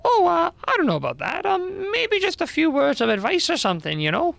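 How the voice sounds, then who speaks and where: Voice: wildly swooping pitch, fairly quick, vocal fry, exaggerated voice. A streamer voicing a cheeky little fairy who chatters in heavy slang. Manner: chirpy, slang-heavy, high and bright.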